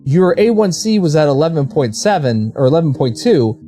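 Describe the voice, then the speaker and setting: Streamer voicing a calm, matter-of-fact female nurse, lively pitch, soft music behind. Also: brisk.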